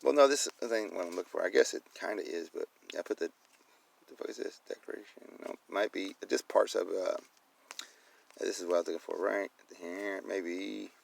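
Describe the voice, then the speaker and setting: A man ranting casually on a livestream, swearing constantly, then slowly reading legal text aloud. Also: low-pitched, gravelly, low-quality recording. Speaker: video maker showing his documents. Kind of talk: casual profane livestream rant.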